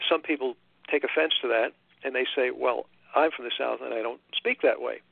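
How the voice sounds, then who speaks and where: An older man from Long Island, an author being interviewed on the radio, talking in a halting way with many fillers and restarts. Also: medium pitch, gravelly, breathy edge, no room sound. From Long Island, New York. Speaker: author guest. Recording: tinny phone line.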